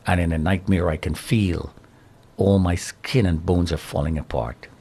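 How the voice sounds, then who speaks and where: A middle-aged man giving his testimony in an interview, telling it with animated storytelling and a preaching tone. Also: very deep voice, husky. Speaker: interview guest, survivor.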